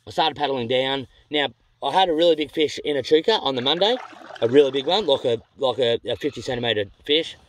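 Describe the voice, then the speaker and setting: A quick-talking Australian man recounts his trip in a loose, conversational vlog. His voice sits at an ordinary pitch, and his delivery is rapid. He wanders, backtracks over details and swears freely. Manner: rambling, self-correcting, blunt and sweary. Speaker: vlogger. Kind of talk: casual storytelling.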